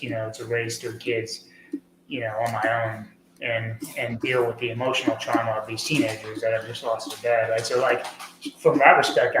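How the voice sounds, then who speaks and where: A man's voice: medium pitch, noisy background. Earnest rambling man in echoey room. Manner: earnest, rambling, many fillers and restarts. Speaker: podcast guest. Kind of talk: casual conversational interview.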